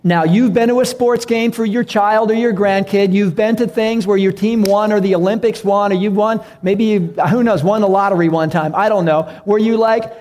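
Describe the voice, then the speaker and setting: Guy pastor with a high voice preaching, chatty, talks right to the crowd and acts out voices. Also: steady tone, moderate pace, hardly any pauses, darkish tone. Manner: conversational, acts out crowd voices, addresses congregation directly. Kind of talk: sermon.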